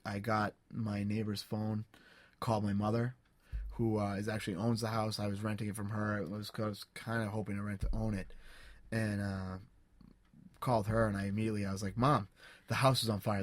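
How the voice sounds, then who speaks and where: Low-voiced man telling a story haltingly. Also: dry recording. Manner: halting, many restarts and fillers, earnest. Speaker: podcast co-host. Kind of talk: casual storytelling.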